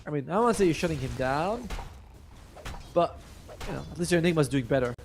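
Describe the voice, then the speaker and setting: A man with a slightly high voice breaks down a live esports match in a chatty, playful way. A faint hiss of noise sits under his voice. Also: expressive, quick pace. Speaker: color commentator.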